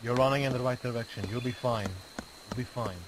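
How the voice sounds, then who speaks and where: A man's voice: mid-range voice, steady tone, quick pace, noisy background. A man in game voice chat, barking bossy, threatening orders at a captive player. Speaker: gamer.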